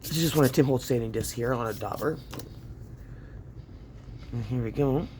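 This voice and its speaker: A craft channel host with a medium-pitched, slightly mellow voice talks at a moderate pace, with a little hiss or hum in the audio. At home he runs a casual crafting tutorial, chatting with viewers, laughing often, and talking to himself as he works.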